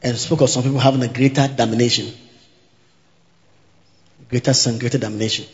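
A man's voice: mid-range voice, fairly even intonation, normal speed. A man preaching a sermon to a congregation. He teaches by repeating each point and often asks whether his listeners are following, with an occasional hallelujah. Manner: teaching by repetition, asking the congregation if they follow; interjects hallelujah. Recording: dull, reverberant hall recording.

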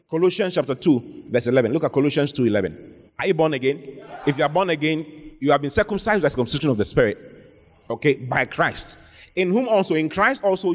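A man preaching a sermon, reading Bible verses aloud and calling out questions to the congregation. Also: a little high. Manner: exhorting, calls out to the congregation, reads scripture aloud. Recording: long reverb of a hall.

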